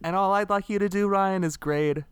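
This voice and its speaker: A man co-hosting a comedy podcast, cracking dry, deadpan jokes. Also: high-pitched, normal speed, clear, resonant tone, no echo. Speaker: co-host. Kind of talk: casual comedy podcast banter.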